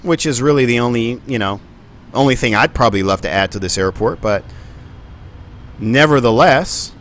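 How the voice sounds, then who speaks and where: A man's voice: medium pitch, moderate pace, a bit bright. A man giving live stream commentary on a flight simulator, rambling and thinking aloud with plenty of ums and uhs.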